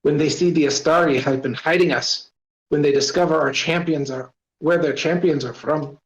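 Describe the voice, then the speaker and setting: A man's voice: a little high, normal speed, natural voice. A man putting on a hearty, thick-accented space crewman. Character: friendly burly human man, thick foreign accent. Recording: roomy, dull voice-chat audio.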